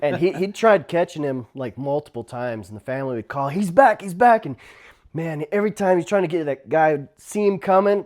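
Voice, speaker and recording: Animated storytelling man, laughing often. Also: mid-range voice. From Navajo Nation, US Southwest. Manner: animated, laughs often, acts out quoted shouts loudly. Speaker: former tribal police officer. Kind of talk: casual storytelling.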